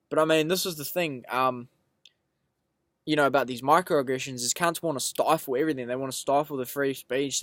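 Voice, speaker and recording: A man's voice: a little high, fairly bright tone, dry recording. A man in a casual vlog monologue, reading quotes aloud and riffing on them in a rambling, profane, emphatic way. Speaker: vlogger.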